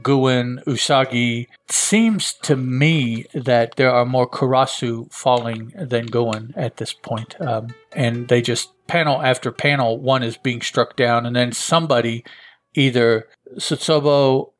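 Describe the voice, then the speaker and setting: A man hosting a show, casually retelling a comic book issue scene by scene with frequent hesitations. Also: medium pitch. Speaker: host.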